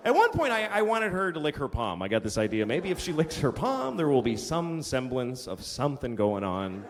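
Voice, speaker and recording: Animated middle-aged male comedian ranting. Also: a little high, normal speed. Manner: profane, exasperated storytelling with sudden rants. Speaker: stand-up comedian. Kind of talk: stand-up routine. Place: live comedy venue with audience. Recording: live stage recording in a big hall with crowd and noise. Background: audience laughter.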